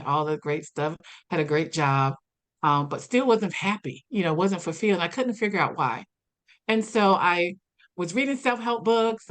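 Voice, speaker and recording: A woman guest on an interview podcast, telling her story in a lively way and acting out the dialogue she quotes. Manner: animated, acts out quoted dialogue with big pitch jumps. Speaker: podcast guest, personal development coach.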